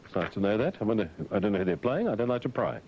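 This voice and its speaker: Male breakfast-radio host, wisecracking newsreader, lively up-and-down delivery, dull lo-fi broadcast, faint rumble behind. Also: very fast. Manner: mocking, jokey asides, mumbled fillers. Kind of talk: comic news and chat on breakfast radio.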